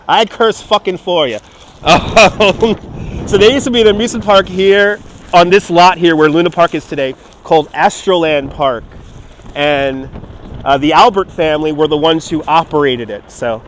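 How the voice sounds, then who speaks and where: A man's voice: a little high, moderate pace, a little hiss or hum. A man, livestreaming outdoors at an amusement park from a phone, chatting casually, cursing and laughing while reading viewer messages. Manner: rambling, profane, laughing, reads out viewer chat. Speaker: live streamer. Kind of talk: casual walking livestream chat. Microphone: phone on a handheld gimbal.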